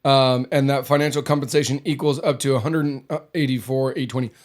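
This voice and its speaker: A man's voice: medium pitch, steady tone, fairly quick. A man hosting a casual podcast, rambling and restarting his sentences, often repeating words. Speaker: podcast host.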